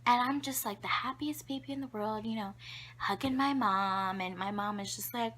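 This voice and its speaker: Bright-voiced chatty young woman. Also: fairly high pitch, normal speed. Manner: chatty, giggly, lots of fillers; drops to a whisper for asides. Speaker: vlogger. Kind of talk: casual storytelling to camera.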